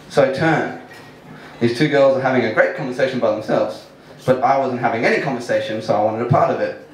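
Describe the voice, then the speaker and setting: On stage at a live storytelling venue, a man with a mid-range voice tells a funny personal story at a quick pace, casual and self-mocking, laughing through his lines. The hall is echoey, the mic sits far off, and there's slight background noise.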